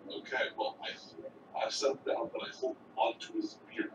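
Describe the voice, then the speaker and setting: A man's voice: unhurried, muffled recording. A man playing a tabletop game, hesitant with fillers. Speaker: player. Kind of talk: casual tabletop play. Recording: roomy, distant, noisy.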